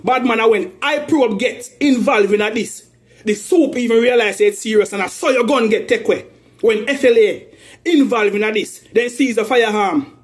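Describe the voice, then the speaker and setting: A Jamaican man with a high-pitched voice delivers a heated rant in thick patois. He sounds aggrieved and accusing, circling back over the same points again and again. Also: normal speed. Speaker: man airing a family dispute.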